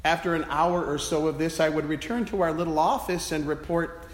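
Self-mocking priest preaching in an echoing church. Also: male voice, fairly high pitch, a little fast. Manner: self-deprecating storyteller. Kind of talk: sermon told as a personal story. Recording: echoey church with long reverb.

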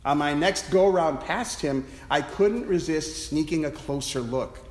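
A man's voice: on the high side, unhurried. A man, a priest, preaching a sermon as a self-deprecating personal story, in a church. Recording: echoey church with long reverb.

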